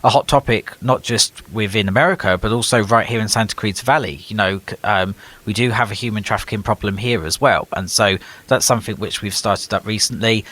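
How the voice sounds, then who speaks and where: British male guest, somewhat low voice, long chatty answers full of ums. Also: brisk, hardly any pauses, fairly bright tone. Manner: long explanations with frequent ums and repeated words. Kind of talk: casual conversation.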